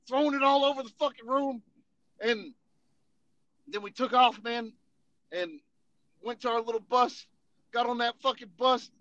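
A man's voice: extremely high pitch, bright, forceful tone, no room sound, dull audio. A man telling funny army stories in casual, profane storytelling, laughing and acting out voices as he goes. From Tennessee.

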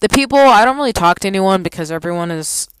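Profane young woman ranting, smooth voice. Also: medium pitch, expressive, quick pace, no echo, poor audio. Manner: profane, exasperated storytelling. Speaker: vlogger. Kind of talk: casual storytime rant.

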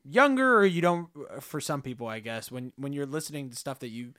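A man's voice: medium pitch, sing-song, fairly quick, a bit bright. A young man on a podcast, talking in a hesitant, musing way with frequent laughs. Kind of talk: casual chat.

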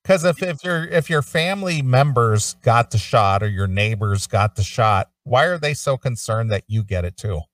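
A man's voice: mid-range voice, expressive, normal speed, few pauses, fairly bright tone, no echo, far from the mic. A man co-hosting a podcast who talks bluntly and defiantly, often repeating words as he starts. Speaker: podcast co-host. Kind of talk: casual podcast banter.

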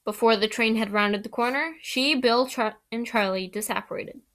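Woman reading a novel aloud, slightly high voice, lively delivery with restarts. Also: normal speed. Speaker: reader.

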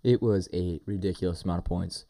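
A man co-hosting a fantasy football podcast in casual, animated chat with friendly slang. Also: low voice, fairly quick, no echo, clean studio sound.

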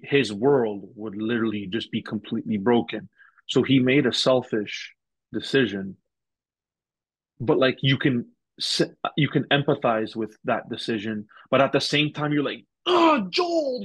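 Man, podcast guest, husky voice, dry sound, earnest rambling chat, video call. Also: medium pitch, steady tone, moderate pace, no echo, low-quality recording. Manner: earnest, thoughtful, a bit rambling. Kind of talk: casual chat.

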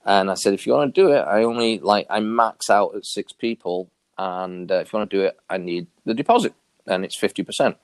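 Man, interview guest, low voice, dry close sound; animated storyteller who acts out the lines he quotes. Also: a little fast, no echo. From New York area. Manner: animated, acts out quoted dialogue with big pitch jumps. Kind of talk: casual storytelling.

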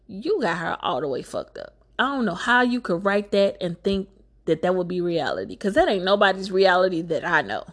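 A slightly low-voiced woman tells a film's plot in a loose, profane chat. She swings from flat storytelling into loud, high-pitched bursts of outrage. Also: a little fast. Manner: animated, profane, jumps into high exclaiming outbursts. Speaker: movie recapper. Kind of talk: casual profane movie recap.

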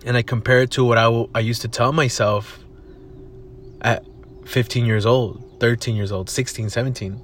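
A man's voice: mid-range voice, fairly even intonation, moderate pace, a bit bright, a little hiss or hum. A young man hosting a casual solo podcast, rambling and swearing freely as he tells a story, recorded in a parked car. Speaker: podcast host.

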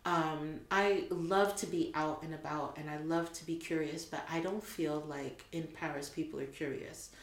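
A woman's voice: low voice, fairly even intonation, moderate pace, few pauses, reverberant. An American woman with an American accent, a podcast guest chatting casually, with many ums and frequent laughter. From United States. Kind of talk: casual conversation.

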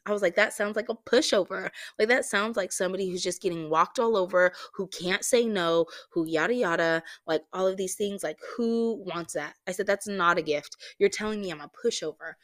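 A young adult woman hosting a faith-themed podcast, telling a personal story in a candid, animated way with many fillers. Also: medium pitch, dry recording. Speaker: podcast host.

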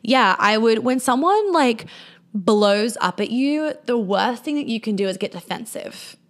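A woman's voice: a little high, animated, unhurried. Blunt, casual woman giving live advice. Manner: blunt, casual and swears freely, with many fillers; acts out quoted replies in a lighter voice. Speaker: host answering viewer questions on a livestream.

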